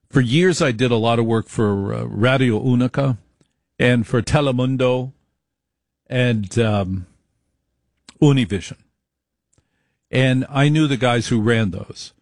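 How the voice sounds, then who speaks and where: A middle-aged man speaking at an ordinary, middle pitch, recorded close and dry. He talks in an emphatic, repetitive way and drags out key phrases to make his points land. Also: no room sound. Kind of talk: storytelling monologue.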